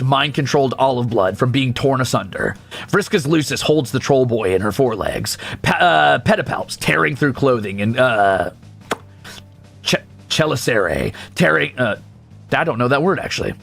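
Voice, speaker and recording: A man's voice: mid-range voice, animated, normal speed, gravelly, a bit bright, faint music behind. A male streamer reading a game's story aloud, with sarcastic, profane asides. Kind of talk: game read-through with commentary.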